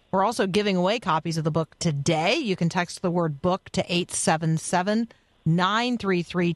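A woman's voice: on the low side, no echo. A woman hosting a radio interview in a studio, friendly and reading out promos and listener requests. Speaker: radio host.

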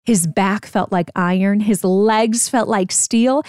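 A young adult woman reading a rhyming children's story aloud to her kids in a slow, rhythmic narration. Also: mid-range voice, a little mellow, no room sound, studio quality.

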